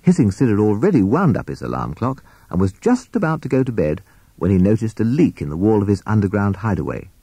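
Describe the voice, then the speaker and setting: A man reads a children's story aloud with a husky, mellow voice pitched on the low side. His telling is expressive and lively, rising and falling through the tale, and the sound is dry and close. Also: a little fast, no echo. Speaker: narrator. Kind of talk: storybook reading.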